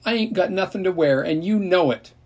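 A man voicing a loud, whiny teenage girl who complains and bosses, with a husky, shrill delivery in a storybook reading. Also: sing-song, fairly quick, full character voice. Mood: whining.

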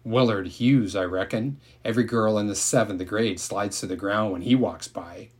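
A man's voice: fairly low pitch, normal speed, close to an everyday voice. A man reading aloud and voicing a shy, eager young schoolboy who speaks plainly and doubtfully.

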